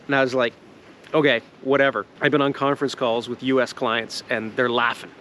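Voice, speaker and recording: A man's voice: mid-range voice, fairly even intonation, fairly quick, a bit bright, a little hiss or hum. Rambling Canadian man vlogging outdoors. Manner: rambling, jokey, laughs often, swears casually. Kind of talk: casual outdoor vlog chat. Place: outdoors in the woods at a sap boil.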